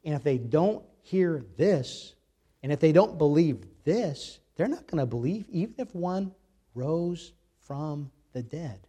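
A man preaching a sermon, reading scripture aloud with emphatic, dramatic swings between loud and soft. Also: on the high side, husky. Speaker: pastor.

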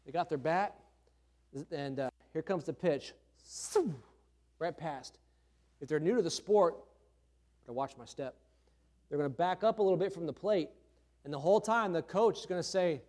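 Conversational preacher with a slightly raised voice. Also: male voice, high-pitched, expressive, normal speed, darkish tone. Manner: conversational preaching with repeated key phrases. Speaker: pastor. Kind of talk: sermon. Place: church.

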